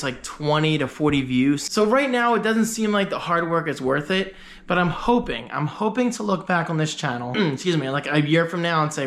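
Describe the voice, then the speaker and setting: A man's voice: a little high, fairly bright tone, slight background noise. A man talking casually to camera as a vlogger, rambling and joking about his day. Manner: rambling, chatty, self-joking. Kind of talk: casual vlog chat.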